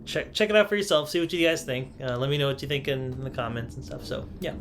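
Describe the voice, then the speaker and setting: A man co-hosting a casual sports podcast, talking loosely with lots of fillers and quick laughs. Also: mid-range voice, animated, noisy background. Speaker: podcast co-host. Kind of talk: casual chat.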